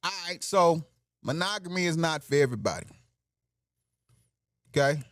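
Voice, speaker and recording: A man's voice: on the high side, lively intonation, moderate pace, a bit bright, dry recording, studio quality. A man hosting a podcast, delivering a brash, joking monologue in with lots of laughing asides. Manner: brash, joking, laughs at his own bits. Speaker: podcast host. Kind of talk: casual comedic monologue.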